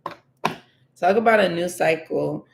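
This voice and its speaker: A woman's voice: lowish voice, slow pace, gravelly, noisy background. A woman giving a casual tarot reading, thinking aloud with many fillers and repeating her questions to the cards. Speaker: tarot reader.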